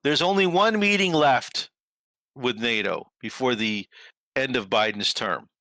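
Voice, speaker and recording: A man's voice: medium pitch, measured pace, sharp tone, dry recording. A man hosting a political commentary show, talking sarcastically and emphatically over news clips.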